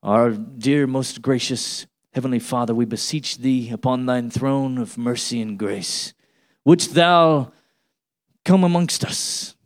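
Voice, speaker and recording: A man voicing a pompous churchgoer praying in stilted, old-fashioned language, with a solemn, lowered delivery. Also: slow, lightly acted. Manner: solemn, stilted archaic phrasing.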